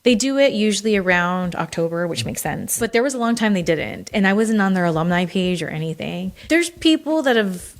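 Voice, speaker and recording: A woman guest in a casual interview, telling candid stories in an animated way, laughing often and swearing casually. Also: lowish voice, a little fast, hardly any pauses. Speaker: guest, former wrestler.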